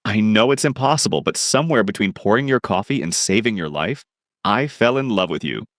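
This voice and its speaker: A man's voice: fairly low pitch, lively intonation, brisk, a bit bright, no room sound, studio quality. A man voicing a brave young woman maid who speaks earnestly, in a storybook reading.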